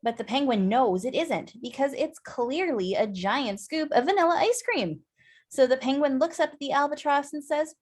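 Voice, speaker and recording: A woman's voice: high-pitched, expressive, normal speed. A woman reading a comic monologue aloud in a wry, conversational storytelling manner. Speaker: play reader.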